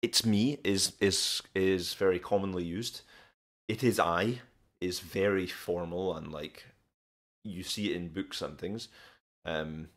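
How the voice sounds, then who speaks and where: Deep-voiced Scottish man on a live stream. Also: slow. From Scotland. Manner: relaxed, answers viewer questions with frequent ums and restarts. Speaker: live stream host teaching English and learning Korean. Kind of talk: casual live stream chat.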